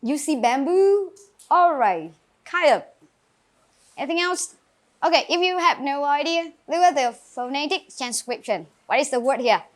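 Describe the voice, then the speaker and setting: A woman's voice: high-pitched, lively intonation, moderate pace. A woman with a Vietnamese accent teaching an English grammar lesson in a classroom, calling on students and praising answers.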